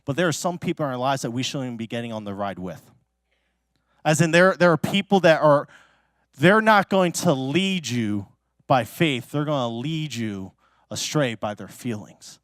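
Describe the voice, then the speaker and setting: A male pastor preaching a sermon through a personal story, chatty and full of fillers, with sudden excited exclamations. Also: medium pitch, normal speed, dry recording, clean studio sound. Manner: casual and chatty, many fillers like "like" and "you know"; animated, bursts into loud excited exclamations.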